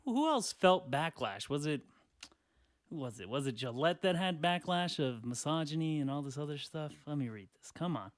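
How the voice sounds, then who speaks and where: A man hosting a casual solo podcast, rambling crudely through online comments, laughing often and clearing his throat. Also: on the high side, dry recording, clean studio sound. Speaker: podcast host. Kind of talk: casual solo podcast reading tweets aloud.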